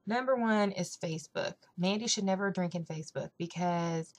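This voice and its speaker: A woman's voice: on the low side, normal speed. A young woman chatting casually on her vlog, rambling with lots of fillers. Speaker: vlogger. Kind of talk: casual weight-loss vlog chat.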